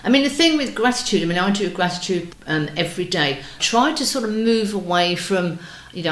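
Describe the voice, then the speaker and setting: A woman hosting a podcast, chatting in an animated, agreeing way about living in the present. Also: mid-range voice, fairly quick, hardly any pauses, reverberant. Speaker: podcast host. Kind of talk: conversational podcast chat.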